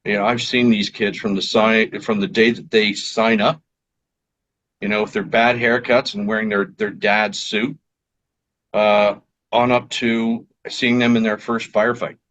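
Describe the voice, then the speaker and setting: A man's voice: fairly low pitch, flat delivery, measured pace, a bit bright. A man, a fire chief, speaking as an interview guest in a reflective, thoughtful way with hesitant fillers. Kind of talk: conversational interview.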